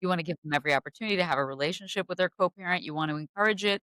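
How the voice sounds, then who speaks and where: A woman's voice: on the low side, very fast, a bit bright, clean tone, dry recording. A woman hosting a podcast, giving earnest, reflective advice in conversation. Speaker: podcast host.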